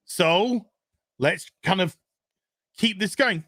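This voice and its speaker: Male host, profane sarcastic rant, slow unhurried delivery with bright tone. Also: on the high side, sing-song, no room sound, studio quality. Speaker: show host. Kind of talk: casual ranting commentary. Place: home kitchen.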